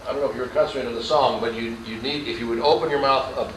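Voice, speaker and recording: A man coaching a singing quartet in a workshop, patiently explaining with pauses and sung demonstrations. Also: mid-range voice, fairly even intonation. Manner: patient, hesitant, demonstrates sounds. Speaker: vocal coach. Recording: echoey room, distant mic, faint hiss.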